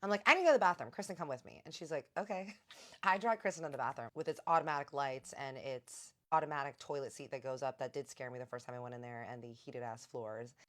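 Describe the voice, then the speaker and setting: Young female storyteller, low-pitched, casual and animated. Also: fairly quick. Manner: chatty, animated, quotes others in her own voice.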